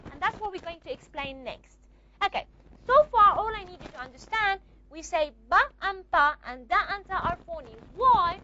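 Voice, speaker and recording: High, lively woman lecturing a class. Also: muffled recording, a little hiss or hum. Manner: repeats and models sounds, checks understanding often. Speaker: teacher.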